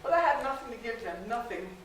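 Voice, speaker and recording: A woman's voice: a little high, animated, a little fast, a little hiss or hum, close to an everyday voice. A woman playing a devout, determined formerly enslaved mother who tells her own story in an emotional first-person stage monologue. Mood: weary. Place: large echoey library room. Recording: echoey room from far off.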